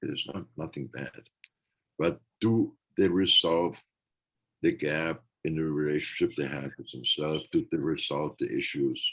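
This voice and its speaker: A man's voice: very deep voice, steady tone, measured pace, slightly rough, lo-fi sound. A man talking earnestly in a reflective podcast conversation, acting out the remarks he quotes.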